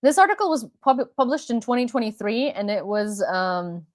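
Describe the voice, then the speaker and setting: A young woman from Ukraine hosting a live-streamed news chat, excitable and rambling, with many restarts. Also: on the high side, normal speed, no echo. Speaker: host and independent reporter. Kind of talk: livestream commentary chat.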